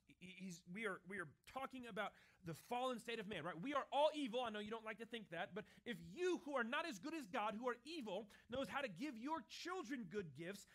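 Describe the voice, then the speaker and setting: A middle-aged man, a pastor, preaching a sermon in a conversational way, often adding "right?", and sinking to a quiet, intense voice for his key points. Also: very high voice.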